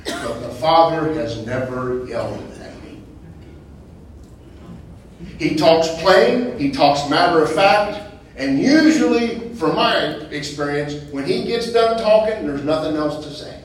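A man preaching informally to a small group, conversational, repeating phrases and asking rhetorical questions, building to loud emphatic bursts. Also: fairly high pitch, animated, slow pace. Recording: echoey room from far off, faint noise.

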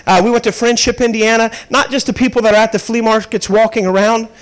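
Man, 30s, evangelist preacher, very high voice, storytelling sermon. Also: fairly even intonation, fast talker, clear, resonant tone, low-quality recording. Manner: storytelling, rising to fervent preaching. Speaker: traveling evangelist.

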